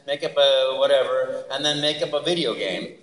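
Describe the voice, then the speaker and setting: A man telling an animated story at a convention panel, laughing and acting out voices, recorded in an echoey hall from far off. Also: medium pitch, moderate pace. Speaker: guest speaker.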